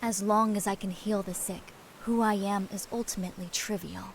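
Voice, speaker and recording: An actress voicing a calm, selfless young female apothecary in a video game, composed and earnest. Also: mid-range voice, normal speed, slight background noise, lightly acted, poor audio. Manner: composed, earnest, soft-spoken.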